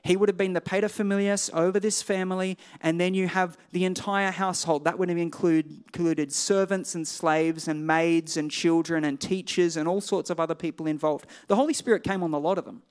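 A man with a high-pitched voice delivers a sermon. He keeps it conversational, slipping into offhand digressions and jokes at his own expense. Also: steady tone, a little fast, hardly any pauses, clean tone. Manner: conversational, digressive, self-deprecating asides. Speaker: pastor.

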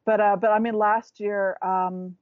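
A woman's voice: mid-range voice, level tone, unhurried, no room sound, phone-quality sound. A woman talking as a guest in a casual chat, rambling and restarting as she searches for words.

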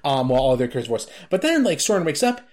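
A man's voice: fairly high pitch, big pitch swings, very fast, a little mellow. A man in casual chat about a video game, rambling with lots of filler words and restarts.

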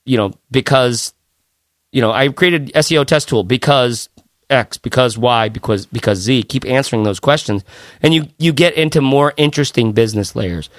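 Joking, animated podcast co-host. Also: male voice, mid-range voice, normal speed, no room sound, clean studio sound. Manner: animated, joking, slips into silly voices. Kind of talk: casual podcast banter.

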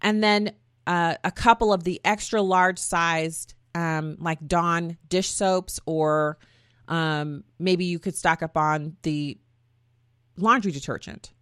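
A woman's voice: lowish voice, steady tone, slow pace, fairly bright tone, smooth, no room sound, studio quality. A woman hosting her own talk show, chatty and folksy, often wandering off on tangents. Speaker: podcast host. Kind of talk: casual opinion talk.

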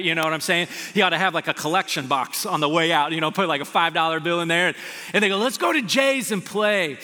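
A man preaching a sermon as pastor, telling stories with animated energy. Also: high-pitched. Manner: animated storytelling, shouts in retold scenes. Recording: long hall reverb.

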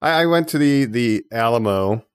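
A man co-hosting a casual movie review podcast, enthusiastic and joking, quick to laugh. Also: mid-range voice, animated, smooth. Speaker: podcast co-host.

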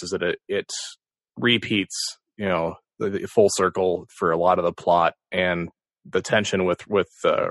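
Very deep-voiced man, thoughtful. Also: no echo, clean studio sound. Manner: thoughtful, rambling analysis. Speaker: podcast co-host. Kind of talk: casual chat.

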